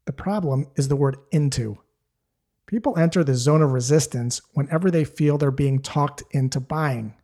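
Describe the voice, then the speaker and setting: A man's voice: on the high side, normal speed, mellow. A man giving a scripted, direct instructional talk as a sales coach, explaining things steadily.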